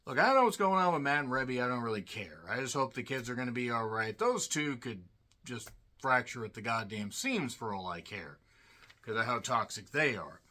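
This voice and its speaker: Male reviewer, bright tone, sarcastic and blunt, casual solo talk. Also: mid-range voice, lively intonation, brisk. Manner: blunt, sarcastic, swears freely. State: tired. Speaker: wrestling show reviewer.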